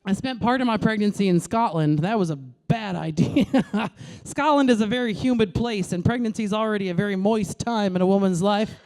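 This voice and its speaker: A woman's voice: mid-range voice, a little fast. A woman comedian in her thirties, originally from New York, doing a brash, crude stand-up routine into a stage mic. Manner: brash, crude, animated punchlines.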